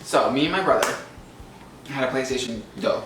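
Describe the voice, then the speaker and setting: A man's voice: medium pitch, normal speed, echoey room, far from the mic, noisy background. A young man, co-host of a casual chat, telling childhood stories and acting out the voices in them. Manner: animated storyteller, acts out quotes.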